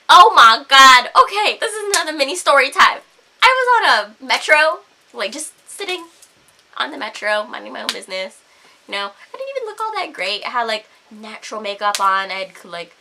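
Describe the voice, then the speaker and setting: A young woman vlogging a heated rant, full of swearing and filler "like"s. Her voice is high and bright. Her pitch leaps around as she talks. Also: a little hiss or hum. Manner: heated, swears a lot, constant "like". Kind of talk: ranting to camera.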